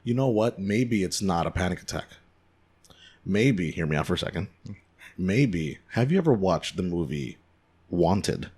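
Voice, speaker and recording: A man's voice: low voice, animated, measured pace, darkish tone, husky. A man hosting a casual podcast, asking rambling, joking questions. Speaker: podcast host. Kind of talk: casual chat.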